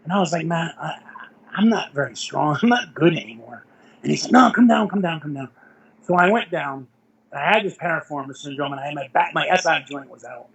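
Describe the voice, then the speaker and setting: A middle-aged man with a breathy, husky voice, pitched a bit high for a man. He tells rambling anecdotes as an interview guest, correcting himself often and chuckling. The talk is casual and conversational. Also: animated, brisk, fairly bright tone, low-quality recording. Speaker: interview guest, veteran powerlifter.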